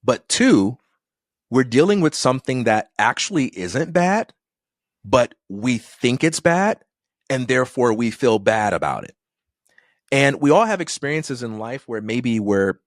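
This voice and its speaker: A middle-aged man talking as a podcast guest, unhurried and reflective, at an ordinary mid pitch. His voice is recorded close and dry, with almost no room sound around it. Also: very animated, no echo. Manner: thoughtful, acts out quoted people in dialogue. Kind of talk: reflective conversational storytelling.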